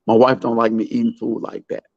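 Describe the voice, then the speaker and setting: A man's voice: medium pitch, monotone, fairly quick, gravelly, no room sound, highs cut off. A man doing a chummy old Southern president. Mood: confiding. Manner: casual, chummy, plain-spoken. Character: folksy older Southern man, a joking president.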